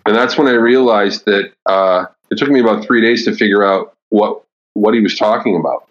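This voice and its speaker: A lower-pitched man telling a story with animation, as a podcast guest. His voice comes through a dull, lo-fi recording, and he speaks as a seasoned coach. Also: normal speed. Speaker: agile coach and author.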